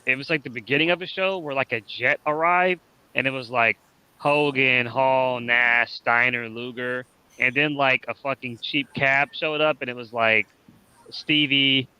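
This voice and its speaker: Bright, smooth-voiced man telling stories. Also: medium pitch, unhurried, dry recording. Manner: relaxed storyteller, chuckles. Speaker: watch party co-host. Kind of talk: casual group chat about wrestling.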